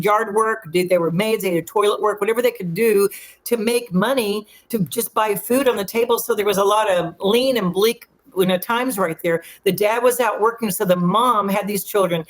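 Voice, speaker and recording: A middle-aged woman co-hosting a film review show, chatting and telling long anecdotes with enthusiasm. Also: mid-range voice. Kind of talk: casual chat.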